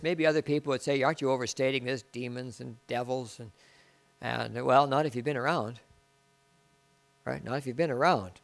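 A middle-aged man preaching a sermon, swinging from loud declarations to hushed asides. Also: fairly high pitch. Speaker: pastor.

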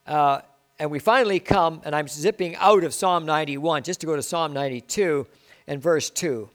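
A man's voice: a little high, moderate pace. Man preaching with rising, falling emphasis. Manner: preacher who swings from loud declarations to hushed asides. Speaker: pastor. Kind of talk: sermon.

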